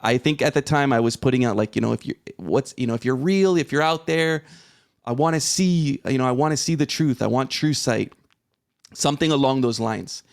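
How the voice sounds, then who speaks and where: Gravelly-voiced man telling a story. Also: medium pitch, fairly quick. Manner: animated retelling, acts out his own reactions, swears. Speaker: podcast guest. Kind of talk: conversational storytelling.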